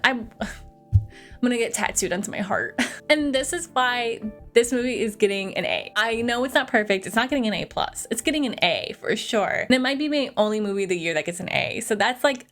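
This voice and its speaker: A young woman with a medium-pitched, fairly bright voice chats casually through a film review. She gushes and rambles, dropping "like" constantly.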